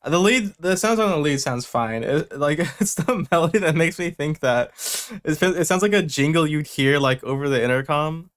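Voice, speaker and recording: A man's voice: fairly high pitch, normal speed, hardly any pauses, fairly bright tone. Blunt young man giving music feedback. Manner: blunt, joking, swears casually. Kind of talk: casual feedback livestream.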